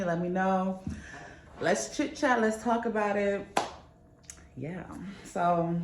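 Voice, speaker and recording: A woman's voice: medium pitch, echoey room, a little hiss or hum. A young woman vlogging in a casual, candid chat, swearing freely as she tells a story. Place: New York.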